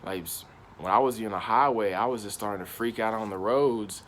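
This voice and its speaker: A man's voice: fairly low pitch, a little fast, slight background noise. A young man casually telling a personal story in slangy, rambling speech. He circles back on himself and keeps repeating "I was like.". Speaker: channel host.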